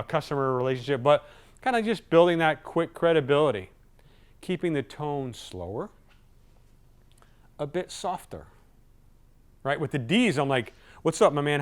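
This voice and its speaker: A man giving a live sales training talk in a lively, conversational way, acting out what customers say. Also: mid-range voice, clear, resonant tone. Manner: lively, acts out customer voices.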